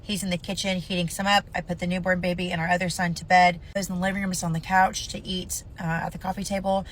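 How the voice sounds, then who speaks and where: A woman's voice: on the low side, level tone, quick pace, a little hiss or hum. A woman in her thirties telling a painful personal story to camera, blunt, profane and impassioned.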